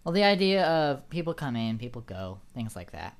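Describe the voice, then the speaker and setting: A man's voice: medium pitch, sing-song, normal speed. A man narrating as dungeon master in a tabletop game, hesitant and searching for words.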